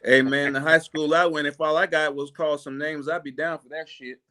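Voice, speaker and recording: Blunt joking man, bright voice. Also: fairly high pitch, steady tone, normal speed. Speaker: podcast co-host. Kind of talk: casual chat.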